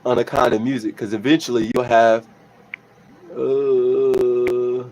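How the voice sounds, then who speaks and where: A young man hosting a casual livestream as a musician, reading comments aloud and thanking his viewers warmly, often restarting his sentences. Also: medium pitch, little pitch movement, slow pace, slight background noise, rough recording. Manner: reads chat aloud, grateful and emotional, many restarts.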